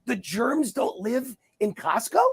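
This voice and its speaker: A man's voice: very high voice, expressive, slow, gravelly, slightly rough. A middle-aged man giving heated, combative answers in an interview, hammering his points by repeating them. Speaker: interview guest, commentator. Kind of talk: heated political interview talk.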